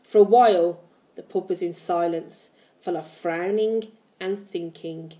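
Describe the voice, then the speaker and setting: A woman reading a children's book aloud with lively storytelling. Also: lowish voice, measured pace. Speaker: reader.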